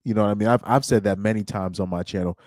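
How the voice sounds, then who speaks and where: Male stream host, low-ish, dry close sound; loose, rambling chat with restarts and chuckles. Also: steady tone, quick pace, a little mellow, dry recording. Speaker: livestream host. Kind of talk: casual livestream chat.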